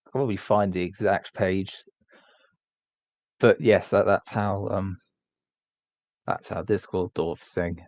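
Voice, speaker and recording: A man's voice: low voice, takes it slowly, creaky, pauses often, a little mellow, no room sound. A man chatting on a gaming stream, eagerly explaining book lore at length. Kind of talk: casual chat on a gaming stream. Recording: dry, dull lo-fi mic.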